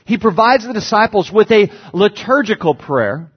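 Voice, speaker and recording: High-voiced husky pastor preaching. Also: male voice, lively intonation, normal speed. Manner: earnest teaching with emphatic stresses. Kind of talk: sermon. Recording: dull lo-fi sermon recording.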